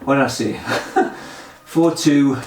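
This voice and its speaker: Out of breath, this man talks to himself as he counts pull-ups for a memory challenge vlog, laughing and poking fun at himself. His voice is medium-pitched and slow, with a roomy sound.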